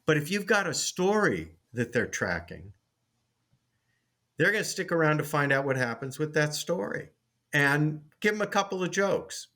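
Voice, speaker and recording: A man's voice: on the high side, big pitch swings, normal speed, sharp tone. A man, a sitcom writer and teacher, telling a story in an interview, with frequent restarts.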